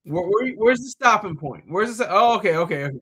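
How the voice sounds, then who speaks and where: A man's voice: sits high, lively intonation, a little fast, sharp tone, slightly rough. A man talking in a loose, rambling monologue, full of fillers, repeated words and restarts.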